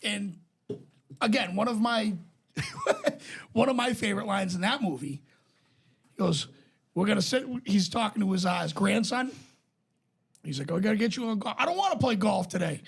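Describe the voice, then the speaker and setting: A man trades movie talk on a podcast, acting out quotes as he goes. His voice sits high and has a gravelly, husky edge. He swears freely and tells stories with energy. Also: animated, normal speed, long pauses. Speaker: podcast co-host. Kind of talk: casual chat.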